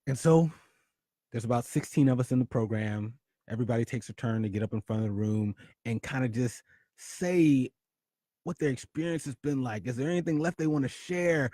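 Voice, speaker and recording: Male host, higher voice, close dry mic, dramatic personal storytelling that swings from loud to hushed. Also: dry recording. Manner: emotional, dramatic shifts between loud and hushed. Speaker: podcast host.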